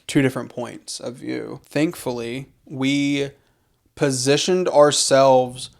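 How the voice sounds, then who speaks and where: Young male podcast co-host, gravelly and flat-toned, earnest faith talk. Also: mid-range voice, slow. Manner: earnest, reflective, repeats phrases for emphasis. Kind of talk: casual faith conversation.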